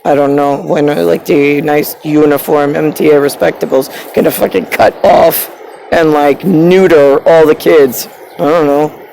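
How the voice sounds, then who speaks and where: A woman's voice: sits low, fairly even intonation, a little slow, vocal fry, mellow, slight background noise, rough recording. A woman delivering a rambling, agitated personal rant, swearing and drifting from topic to topic.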